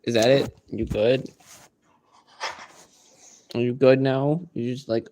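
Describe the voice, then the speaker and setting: A man's voice: mid-range voice, fairly even intonation, slow, mellow. Male streamer, casual home chat, rambling, cusses freely. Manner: rambling, swears, many fillers and restarts. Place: at home indoors.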